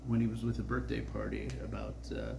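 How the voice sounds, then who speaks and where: A man's voice: lowish voice, very animated, a little fast, gravelly, background noise. A man in his sixties telling a rambling, profane personal story on a festival stage, full of filler words. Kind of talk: live storytelling.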